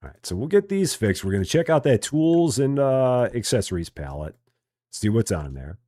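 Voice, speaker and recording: A man's voice: mid-range voice, moderate pace, dry recording. A man from Chicago with a general Midwestern accent, chatting casually and rambling while live-streaming a game. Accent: general Midwestern American. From Chicago, USA. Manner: relaxed, chatty, self-mocking, rambling with restarts. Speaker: gaming streamer.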